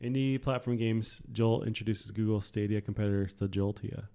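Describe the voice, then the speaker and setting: Low-voiced young man, hesitant chat. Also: fairly even intonation, moderate pace, vocal fry, dark tone, clear, resonant tone. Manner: hesitant, many ums and restarts. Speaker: podcast co-host. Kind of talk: casual chat about video games.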